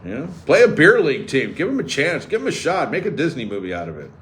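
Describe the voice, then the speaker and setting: Talking fast in a higher-pitched voice, this sports radio host riffs through sarcastic jokes and casual back-and-forth with plenty of animation. There's a slight hiss or hum on the recording.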